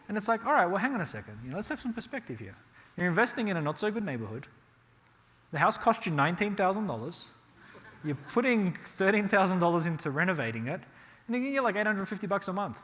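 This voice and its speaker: High-pitched and quick, the voice belongs to a man from Australia teaching a real estate workshop to an audience in the room. He spins animated stories and keeps asking "right?" while the hall reverb lingers.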